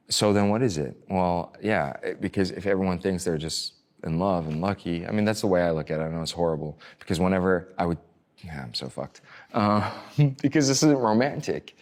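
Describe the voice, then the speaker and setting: A man speaks as a guest in a casual interview. His voice sits quite low and deep. He talks in a loose, rambling way, full of fillers and restarts, with the odd swear word thrown in. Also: darkish tone. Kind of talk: casual conversation.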